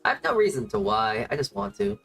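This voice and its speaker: A woman's voice: deep voice, big pitch swings, brisk, creaky, fairly bright tone, slightly rough. A woman streamer chatting casually, rambling and often restarting her sentences, with faint music playing behind her. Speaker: VTuber streamer. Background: faint background music.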